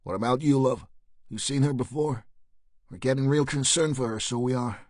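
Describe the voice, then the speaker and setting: Man voicing a detective chief, middle-aged, gruff, blunt, edgy. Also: mid-range voice, normal speed, a little mellow, no room sound, clean studio sound, natural voice. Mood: stern. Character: tough middle-aged male detective boss.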